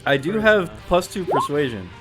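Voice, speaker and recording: A man's voice: a little high, very animated, moderate pace, over loud music. A man playing a tabletop game, hesitant and repeating words before he commits to an action. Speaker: player. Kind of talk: casual tabletop play.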